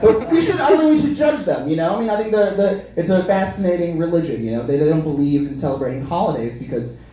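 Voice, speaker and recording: A man's voice: fairly high pitch, lively intonation, quick pace. A young man from the Midwest, doing wry, self-deprecating stand-up at a small comedy venue. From Kansas, US Midwest. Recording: echoey room, far mic, crowd.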